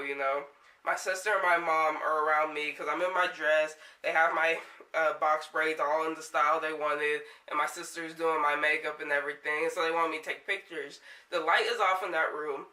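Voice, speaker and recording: Young woman vlogger, sharp bright tone, shaken rambly delivery, roomy distant sound. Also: low voice, fairly even intonation, normal speed. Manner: rambling, filler-heavy, swearing, shaken. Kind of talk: storytelling vlog. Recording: echoey room, set back from mic.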